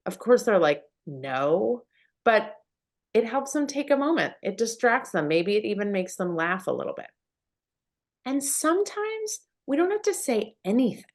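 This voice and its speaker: A woman, a puberty educator, giving parenting advice in an animated, conversational way. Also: a little high, moderate pace. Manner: animated, acts out everyday scenes. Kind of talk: parenting talk.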